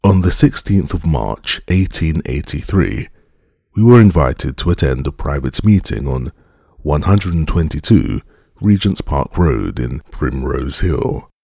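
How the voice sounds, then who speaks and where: Very deep, gravelly male narrator. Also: very animated, darkish tone, no echo, studio quality. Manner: measured, formal storytelling. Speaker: audiobook narrator. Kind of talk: scripted audiobook narration.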